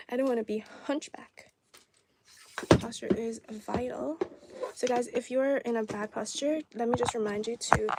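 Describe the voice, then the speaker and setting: A young woman from China, a native Cantonese speaker, hosts a livestream, chatting casually and answering viewers' comments. Her voice is fairly high and steady at normal speed, and the audio is very noisy, recorded on a phone or camera on a tripod.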